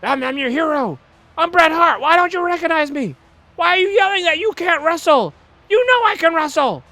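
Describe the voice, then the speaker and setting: A bewildered wrestler whines and protests in a high, bright, strained voice, as a man puts him on for comic game commentary. He sounds put out and pleading, complaining to anyone who will listen. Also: lively intonation, normal speed, no room sound, exaggerated voice. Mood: indignant whining. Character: baffled indignant male wrestler, whiny and upset.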